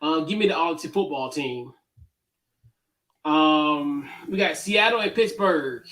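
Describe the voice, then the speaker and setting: High-voiced man hosting a sports chat. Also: a little slow, far from the mic. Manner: relaxed, lots of fillers, runs through game picks. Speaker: podcast host.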